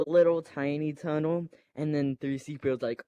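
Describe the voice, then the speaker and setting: A man's voice: on the high side, steady tone, moderate pace, hardly any pauses, dark tone, clear, resonant tone, no echo. A man casually retelling a film scene by scene, full of fillers, acting out moments and sound effects.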